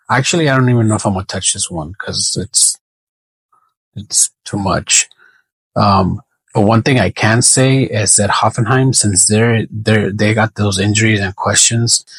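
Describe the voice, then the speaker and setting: Slow, gravelly man musing over bets. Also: lowish voice, fairly bright tone, no echo, rough recording. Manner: thinks aloud, hesitant, self-correcting. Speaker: sports betting predictor. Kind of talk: casual solo prediction talk.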